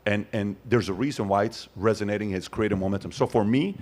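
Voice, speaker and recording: A man's voice: fairly low pitch, fast talker. Emphatic man telling a story. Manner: emphatic, storytelling, animated asides. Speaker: host. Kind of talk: casual podcast chat.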